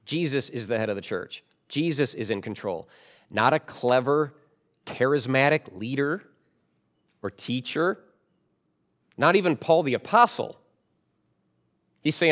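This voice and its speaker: A man preaching a sermon as pastor, emphatic, with loud stressed words and quieter asides. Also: mid-range voice, expressive, a little slow, long pauses.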